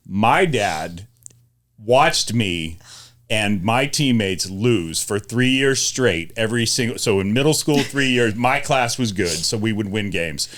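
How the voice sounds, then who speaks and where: A middle-aged man hosting a casual family podcast, telling stories with repeated phrases and quick laughs. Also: fairly low pitch, expressive, a bit bright. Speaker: podcast host, father.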